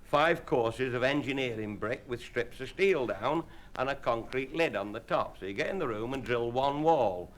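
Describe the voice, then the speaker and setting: Expressive and mid-range, the man talks at normal speed with few pauses, telling bawdy, rambling comic tales after dinner and chuckling as he goes. Audience laughter comes through on the hissy old live tape.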